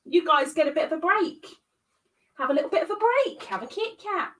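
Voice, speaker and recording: A woman's voice: very high voice, lively intonation, brisk, a bit bright, far from the mic. A woman hosting a crochet livestream, chatting and laughing at herself as she counts stitches. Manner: giggly, self-mocking, chatting to viewers while counting stitches. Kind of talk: casual live-stream chat while crocheting.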